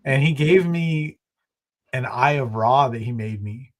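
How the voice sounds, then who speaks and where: A man's voice: mid-range voice, measured pace. A man co-hosting a podcast in casual chat, telling anecdotes and acting out the quotes. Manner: animated storyteller acting out quotes. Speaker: podcast co-host.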